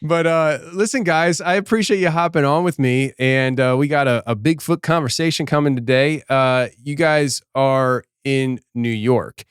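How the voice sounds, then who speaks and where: A smooth, clear-voiced man from Philadelphia hosts a casual podcast interview, chatty and quick to laugh. The recording is dry and close, with no room sound. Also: medium pitch, dry recording. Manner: chatty, laughs often, repeats and restarts. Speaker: podcast host.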